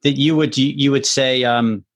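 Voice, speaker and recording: Podcast co-host, male, slightly husky, animated storyteller who acts out the quoted lines. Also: medium pitch, moderate pace. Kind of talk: casual podcast chat.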